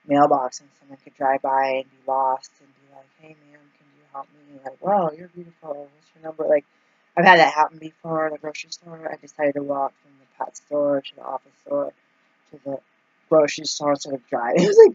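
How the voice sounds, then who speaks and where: A woman's voice: low-pitched, no room sound, dull audio. A woman telling a casual, rambling story full of filler words and acting out the lines of the people in it. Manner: acts out quoted dialogue. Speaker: vlogger.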